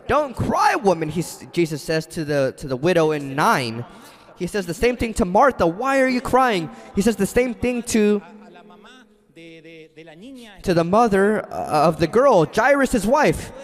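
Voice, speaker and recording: Animated high-voiced male preacher. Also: unhurried. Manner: dramatic storytelling, shifts between loud and hushed. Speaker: pastor. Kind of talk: sermon. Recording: long hall reverb.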